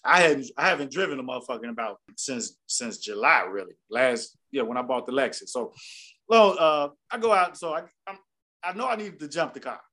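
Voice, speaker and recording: A man's voice: medium pitch, expressive, a little fast, bright, forceful tone. A man co-hosting a podcast, telling a long profane story in casual chat. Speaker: podcast co-host.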